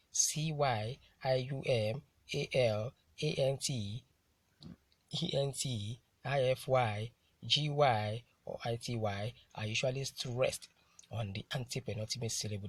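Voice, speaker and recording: A man with a husky voice teaches a lesson in a dry, close sound. He talks slowly and with care, repeating key words and spelling out letters one by one. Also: medium pitch, fairly bright tone, no room sound. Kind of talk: recorded lesson.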